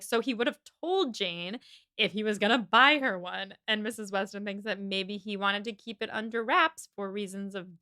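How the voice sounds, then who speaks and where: A young woman co-hosting a casual book podcast, retelling a novel's chapters with lots of little character voices. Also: mid-range voice. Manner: animated retelling, acting out characters in quick voices. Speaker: podcast co-host. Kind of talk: casual book-club chat.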